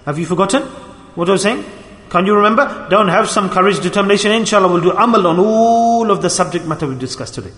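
Guy giving a sermon, talks fast, gets all emotional and humble, big roomy hall sound. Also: high-pitched, animated, a bit bright. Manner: emotional, self-deprecating, pleading. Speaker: preacher. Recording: echoey hall.

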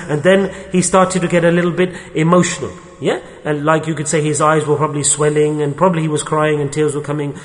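A preacher gives an earnest sermon, using stories to make his points and frequent religious terms. His fairly high, slightly bright voice stays fairly even in intonation, moving quickly with few pauses, and a long hall reverb surrounds it.

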